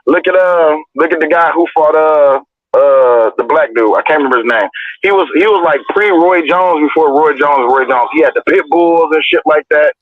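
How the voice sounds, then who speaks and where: A man's voice: a little high, moderate pace, no room sound. Man telling stories over a tinny line. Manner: profane, animated storytelling. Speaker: livestream host. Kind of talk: casual storytelling chat. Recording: dry, tinny phone-like audio.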